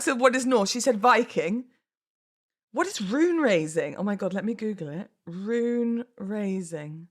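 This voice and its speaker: Chatty oversharing woman podcast host. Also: medium pitch. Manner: chatty, oversharing, laughs often, self-deprecating asides. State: pregnant, baby kicking. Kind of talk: casual solo podcast chat.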